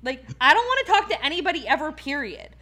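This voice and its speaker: A woman's voice: high-pitched, sing-song, fast talker, bright, forceful tone. A woman from Philadelphia hosting a casual podcast chat, ranting with heated profanity and many fillers. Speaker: podcast host.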